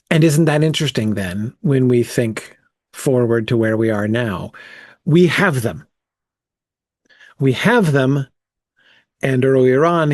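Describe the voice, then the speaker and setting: A man's voice: mid-range voice, a little mellow, no room sound, clean studio sound. A man leading a casual bible study, thinking aloud with frequent "um" and "right?" as he works through the text.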